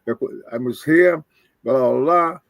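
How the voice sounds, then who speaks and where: A man's voice: mid-range voice, measured pace, creaky, no echo. Older man, rambling storyteller. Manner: rambling, acts out quoted dialogue. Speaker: guest, retired wrestler. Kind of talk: casual storytelling.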